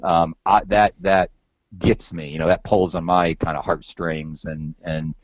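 A man's voice: sits low, flat delivery, measured pace, dry recording, muffled recording. A man hosting a podcast in casual chat, rambling and loose with some swearing and many repeated words. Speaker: podcast host.

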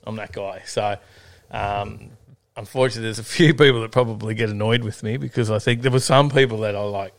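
A man's voice: fairly low pitch, fairly even intonation, brisk, creaky, few pauses. A middle-aged Australian man co-hosting a casual live-stream chat, joking and laid-back, with lots of ums and repeats. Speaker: co-host.

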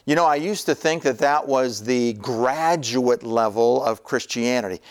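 A man's voice: mid-range voice, unhurried. A male preacher teaching in an emphatic sermon style, repeating key lines and slipping in jokes. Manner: emphatic, repetitive, jokey.

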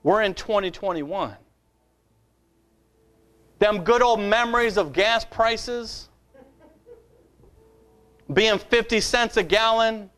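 A man's voice: sits high, takes it slowly, long pauses, a bit bright. A male pastor preaching a fiery sermon, emphatic and repetitive, with rhetorical questions.

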